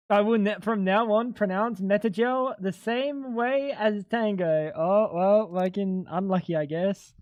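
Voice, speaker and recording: A man's voice: high-pitched, measured pace, few pauses, no echo, dull audio. A young man livestreaming a game, bantering with his chat in a joking, profane way. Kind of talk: casual gaming livestream chat.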